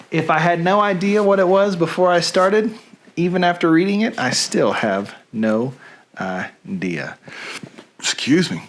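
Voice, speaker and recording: A man's voice: high-pitched, animated, unhurried. Joking man hosting a live stream. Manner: self-mocking and joking. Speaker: host. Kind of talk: casual live-stream sign-off.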